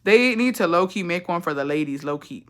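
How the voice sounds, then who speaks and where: A woman's voice: lowish voice, lively intonation, brisk, fairly bright tone. A young woman telling a personal story in a casual chat, blunt and profane, dropping Spanish phrases and acting out both sides of an argument.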